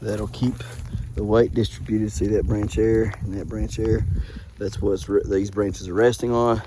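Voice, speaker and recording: A man's voice: fairly low pitch, level tone, unhurried, background noise. A man, an easygoing homesteader rambling through an outdoor vlog in a snowstorm. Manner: easygoing, rambling with restarts and fillers. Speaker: homesteader and trapper.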